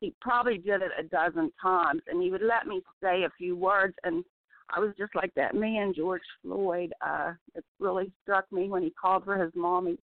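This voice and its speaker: A woman giving an emotional personal testimony by phone, halting and often restarting her sentences. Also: fairly low pitch, fairly even intonation, no echo. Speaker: testimony guest. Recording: dry tinny phone line.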